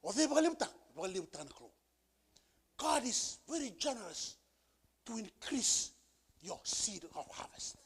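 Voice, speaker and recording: A male pastor preaching a sermon with emphasis, repeating key phrases and building to shouted peaks. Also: sits high, sing-song, moderate pace, long pauses, breathy edge. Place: church service.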